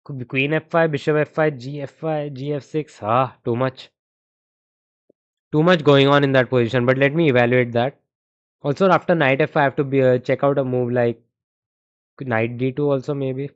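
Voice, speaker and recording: Indian chess streamer thinking aloud. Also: male voice, mid-range voice, fairly even intonation, moderate pace, clear, resonant tone. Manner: calculates chess lines aloud, muttering variations and answering chat. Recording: dull, muffled stream audio.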